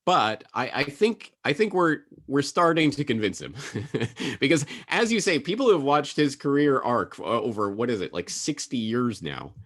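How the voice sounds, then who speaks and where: A man in his thirties, a guest on a talk show, explaining his views in an articulate, measured way. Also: medium pitch, sing-song, fairly bright tone. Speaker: guest commentator. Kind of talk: casual political interview.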